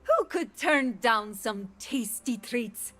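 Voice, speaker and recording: A woman's voice: a little high, expressive, takes it slowly, fairly bright tone, soft background music. A woman voicing a worried, kindly village woman in a video game. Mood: hopeful.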